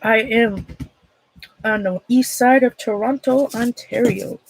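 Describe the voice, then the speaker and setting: A woman's voice: fairly high pitch, gravelly, a little hiss or hum, rough recording. Minnesota lady chatting on her art stream, rambly, keeps cutting herself off, laughs a lot. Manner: chatty, rambling, self-interrupting, quick to laugh. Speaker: art livestream host. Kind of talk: casual livestream chat while demonstrating a craft.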